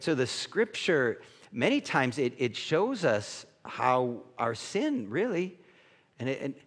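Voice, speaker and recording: A male pastor delivers a conversational sermon, acting out the people and voices he quotes. His pitch sits mid-range but moves around a great deal. The sound carries a long reverb, like a large church hall.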